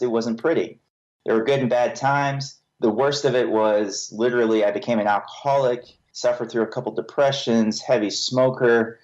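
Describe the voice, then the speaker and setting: A man with a somewhat low voice talks candidly as a podcast guest, earnest and self-deprecating. The audio is muffled and lo-fi. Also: darkish tone. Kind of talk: candid personal testimony.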